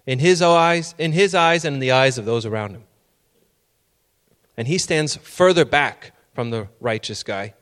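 A man's voice: fairly high pitch, fairly bright tone. A middle-aged man preaching a sermon, telling personal stories and building to emphatic, raised passages.

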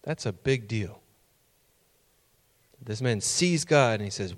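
A man's voice: on the low side, lively intonation, slow pace, long pauses. A middle-aged man preaching a sermon, telling personal stories and building to emphatic, raised passages.

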